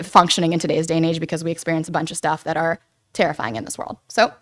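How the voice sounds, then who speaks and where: Chatty woman giving a smooth, clear lecture. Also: mid-range voice. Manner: chatty, animated, says "right?" and "like" often. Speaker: guest speaker on attachment theory. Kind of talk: casual lecture to a church group.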